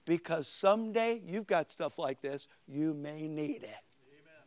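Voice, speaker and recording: An older man with a high voice preaching a sermon. He punches key lines loudly and slows down to stress them, then drops into quiet, conversational asides. The delivery is animated and informal, like a pastor talking to his congregation.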